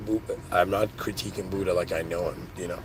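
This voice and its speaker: A man hosting his own podcast, rambling excitedly through spiritual ideas in a casual monologue, full of "dude" and "like". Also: sits low, a little fast, background noise. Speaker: podcast host.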